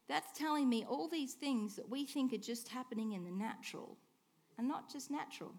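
A woman preaching a sermon, asking rhetorical questions and swinging between hushed and emphatic lines. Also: high voice. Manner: expressive, swings from soft hush to emphatic declaring; slow, deliberate delivery with rhetorical questions.

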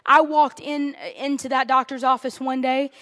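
A young woman and missionary telling her story in a sermon, animated and self-deprecating, quoting others as she goes. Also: sits high, normal speed. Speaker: missionary and guest speaker. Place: church sanctuary. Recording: long reverb of a large hall.

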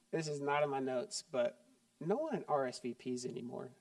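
A middle-aged man preaching a sermon as pastor, conversational and joking, turning quiet and earnest. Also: mid-range voice, expressive, a little slow, no room sound, far from the mic.

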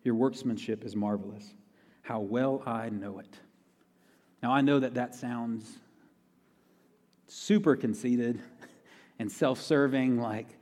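A man's voice: mid-range voice, slow pace, pauses often, a little mellow. A man preaching a sermon in a conversational way, repeating key phrases for emphasis. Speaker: pastor. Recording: long reverb of a large hall.

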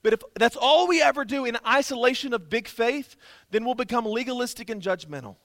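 Brief: man doing Jesus in a sermon, bright, emphatic, exhorting. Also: extremely high pitch, animated, brisk, no room sound.

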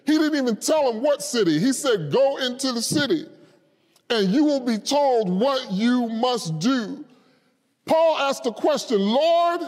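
A man preaching a sermon with passion, rising to shouts at the high points. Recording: long hall reverb.

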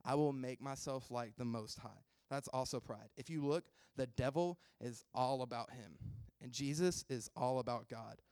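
Smooth-voiced young man preaching casually. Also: medium pitch, normal speed, hardly any pauses, darkish tone, no room sound. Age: 20s. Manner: chatty, self-deprecating, laughs often. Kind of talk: casual sermon.

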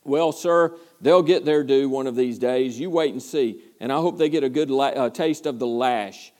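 A man's voice: mid-range voice, moderate pace, darkish tone, natural voice. A man voicing a kindly Roman prison guard who cheerfully reassures a prisoner. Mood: gruff.

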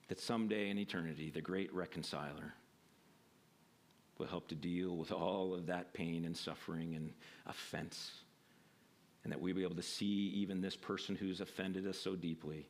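A male pastor preaching a sermon and reading scripture in a casual, conversational way, with frequent fillers. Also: deep voice.

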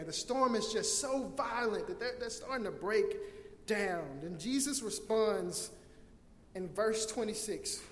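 A high-voiced man preaches an impassioned sermon, circling back over his words and restarting phrases. His voice rings through an echoey hall with a long reverb tail and faint room ambience. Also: slight background noise. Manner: impassioned preaching, acts out scenes in loud cries. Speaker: pastor.

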